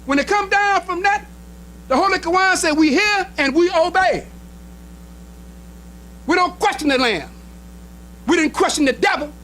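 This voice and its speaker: A minister preaching a sermon in an emphatic style, with short repeated phrases and speech. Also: male voice, extremely high pitch, moderate pace, long pauses, bright, forceful tone, rough recording. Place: temple hall.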